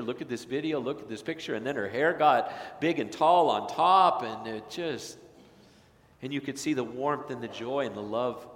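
A male pastor preaching a sermon, rising to loud emphatic peaks and dropping to hushed, slow phrases. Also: mid-range voice, reverberant, big-room sound. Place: church sanctuary.

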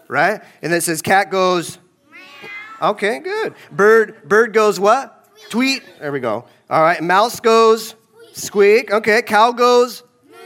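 A man's voice: sits high, fairly bright tone. A man pastor leading a children's sermon in a large church, playful and talking right to the kids. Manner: playful, addressing kids directly.

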